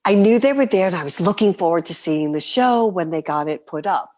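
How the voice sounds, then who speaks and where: A middle-aged woman from New City, a guest performer telling her stories in an interview, lively and vivid, sometimes dropping to a whisper. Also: lowish voice, a little fast. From New York City. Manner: animated, vivid storyteller, breaks into soft whispers. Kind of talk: storytelling interview.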